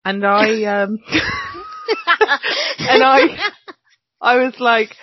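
A woman's voice: a little high, steady tone, drawn-out words, no room sound. A woman chatting casually on a video call podcast, laughing often and swearing casually while she recaps a TV episode. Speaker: podcast co-host. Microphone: own mic on a video call. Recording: dull lo-fi dry sound.

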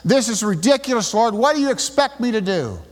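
A man's voice: extremely high pitch, expressive, fairly quick, pitched above the performer's own voice. A man putting on a whining, exasperated leader. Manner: whining, pleading. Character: exasperated male leader complaining to God. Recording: long reverb in a large hall.

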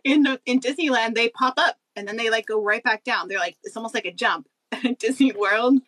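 A woman co-hosting a podcast, chatting over a video call in a bubbly, giggly, animated way. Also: a little high, a little fast, rough recording. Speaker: podcast co-host. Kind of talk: casual chat.

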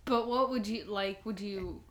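A woman's voice: mid-range voice, measured pace, crowd noise. A woman co-hosting a podcast, chatting casually and reacting eagerly to the story. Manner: chatty reactions with gasps and laughs. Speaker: podcast co-host. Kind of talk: casual chat.

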